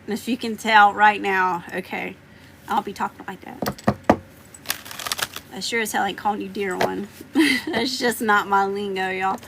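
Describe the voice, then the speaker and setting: A woman's voice: medium pitch, pushed and bright, a little hiss or hum. A woman hosting a tarot livestream, chatting casually, joking, swearing freely and laughing often. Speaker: tarot reader livestream host.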